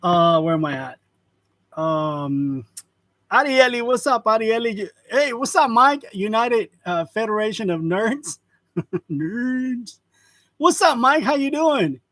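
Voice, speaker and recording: A man's voice: high-pitched, expressive, slow, a bit bright, dry recording. A man in his forties hosting a casual live stream, greeting viewers by name and chuckling often between remarks. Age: 40s. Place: print shop. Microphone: wireless lavalier.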